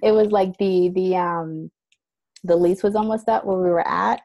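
A woman teaching a course, chatting casually and telling a story in an animated way, laughing often. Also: on the low side, moderate pace, lo-fi sound. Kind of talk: casual chat.

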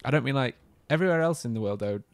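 A man's voice: medium pitch, expressive, racing. A man co-hosting a horror let's play, playing the game and chatting in a jokey way with frequent laughs. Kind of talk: casual gaming banter.

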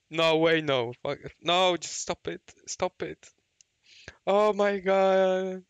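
A man, a gaming YouTuber reacting to game summons, shouting, laughing and cursing, then muttering low. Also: slow, smooth, no room sound.

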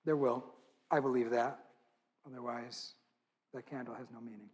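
A man's voice: mid-range voice, fairly even intonation, normal speed, darkish tone, breathy edge. A man speaking at a church event, telling an intimate, earnest story with quoted dialogue.

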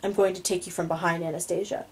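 Possessive young male lover, read by a woman; low, hushed, controlled. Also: fairly even intonation, quick pace, close to an everyday voice, rough recording. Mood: softly commanding. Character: intense commanding young man, possessive lover.

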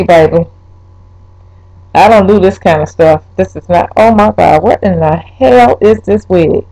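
A young woman vlogging a wig review, talking straight to her viewers, swearing and exasperated, her voice jumping up high when upset. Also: warm tone, low-quality recording. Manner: pitch leaps when upset. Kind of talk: casual vlog, ranting.

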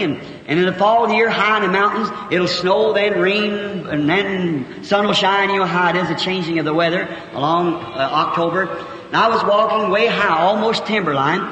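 A man in his fifties from the United States, preaching and telling a story in a folksy, emotional way that rises into high, excited outbursts. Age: 50s. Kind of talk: sermon, storytelling. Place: church or meeting hall. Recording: echoey hall recording with faint hiss.

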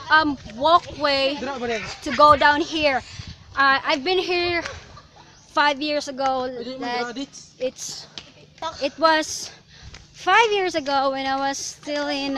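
A young woman with a Filipino accent talks in a high, unhurried voice, giggling often as she vlogs her outing. She is recorded outdoors on a handheld camera, with steady noise behind her. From Philippines. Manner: excitable, giggly, chatty. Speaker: vlogger. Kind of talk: casual travel vlog. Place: outdoor resort, partly on a cable car.

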